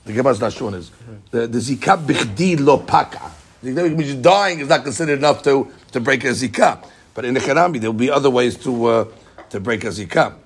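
Husky man teaching a Talmud class. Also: mid-range voice, lively intonation, fast. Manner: explains step by step, repeats key phrases, answers students' questions. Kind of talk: Talmud study class explanation.

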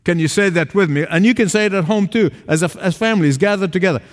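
A man preaching a sermon to a small congregation in a church, emphatic, swinging between raised calls and low, quiet asides. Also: quick pace. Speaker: pastor. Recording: long reverb of a large hall.

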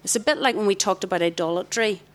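A middle-aged woman, giving a lively, direct sermon to a tent of girls. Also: mid-range voice, fast. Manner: lively, direct, warmly emphatic. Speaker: youth speaker. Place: large tent.

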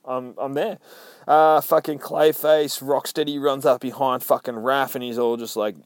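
A man's voice: medium pitch, fairly even intonation, moderate pace, dry recording. A man recapping a comic book in casual chat, swearing constantly and acting out the characters' lines.

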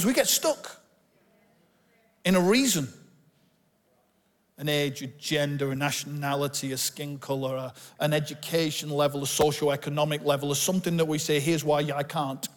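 A pastor with a Bolton accent and a fairly high voice preaches in a candid, conversational way, mixing self-deprecating stories into the sermon. His voice carries a long reverb, as in a church hall. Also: moderate pace. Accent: Bolton, northern English. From Bolton, England.

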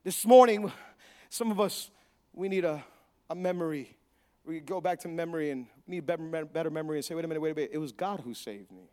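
A man pastor preaching a sermon, building to loud repeated refrains and acting out quick quoted voices. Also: a little high. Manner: preaching with rising volume, repeated call-and-response phrases.

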